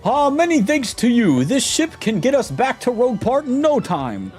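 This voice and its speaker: A man's voice: very high-pitched, huge pitch swings, normal speed, darkish tone, soft background music, pitched above the performer's own voice, exaggerated voice. A man voicing a pompous, vain adventurer with theatrical, self-praising delivery in a fan dub of a game.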